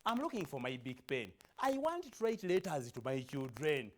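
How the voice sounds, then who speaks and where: A man's voice: on the high side, huge pitch swings, moderate pace, slight background noise. A man reciting a poem in the voice of an imprisoned father, asking plaintively over and over for his pen. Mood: searching. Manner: plaintive, repetitive searching questions. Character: worried imprisoned father longing to write home.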